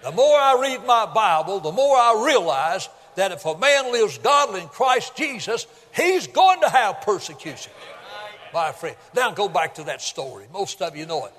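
An older man delivers a folksy sermon, swinging from loud emphatic peaks to low asides as he retells Bible stories. His voice sits high, and it rings with a long reverb from a large hall. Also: big pitch swings, moderate pace. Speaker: preacher.

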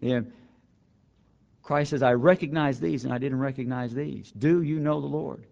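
A man teaching a Bible lesson in a sermon style, earnest and emphatic, repeating key phrases and slowing down for quoted verses. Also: mid-range voice, vocal fry, a little mellow. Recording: slightly dull lo-fi recording.

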